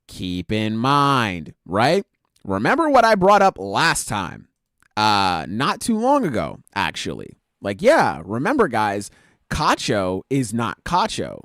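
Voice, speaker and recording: A man's voice: medium pitch, no echo. Podcast host, man, loose and slangy, voice swings all over, dry close sound. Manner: animated, slangy, swears freely. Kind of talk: casual chat, retelling manga chapters.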